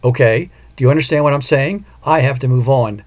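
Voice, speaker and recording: A man's voice: mid-range voice, a little fast, darkish tone, natural voice. A man voicing a vengeful female ghost who talks curtly and impatiently, in an audiobook. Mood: angry. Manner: curt, impatient, demanding. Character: angry vengeful female ghost, young woman.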